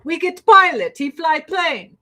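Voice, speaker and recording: A man's voice: very high voice, animated, a little slow, pushed and bright, voice pushed up, exaggerated voice. Woman putting on a brash Russian mayor. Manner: blunt, clipped boasting. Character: swaggering Russian mayor, brash, broken English.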